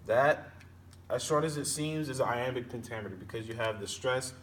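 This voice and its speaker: A man teaching poetry meter, explaining slowly with pauses and self-corrections. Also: medium pitch. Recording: distant mic with faint background noise.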